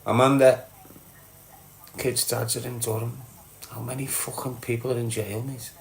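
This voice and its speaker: A man's voice: medium pitch, level tone, moderate pace, gravelly. A Scouse man from Liverpool, middle-aged, reading his chat live and answering viewers bluntly, calling everyone lad and mate.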